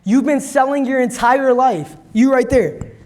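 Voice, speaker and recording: A man's voice: extremely high pitch, unhurried. A man, a company president, giving a motivational sales talk at a conference, asking the crowd "right?" and acting out customers' lines. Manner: energetic, addresses crowd directly, acts out customers' lines; frequent "right?" tags and repeated words. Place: conference stage.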